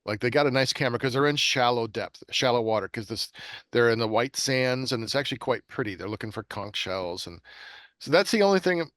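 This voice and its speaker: A man's voice: mid-range voice, animated, brisk, a bit bright, no room sound. A man hosting a horror podcast, chatting enthusiastically and rambling with plenty of fillers. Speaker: podcast host. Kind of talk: casual chat.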